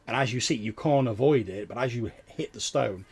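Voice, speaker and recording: A man's voice: medium pitch, brisk, a little mellow, breathy edge. A man narrating as game master in a tabletop game, describing scenes loosely with many fillers and restarts.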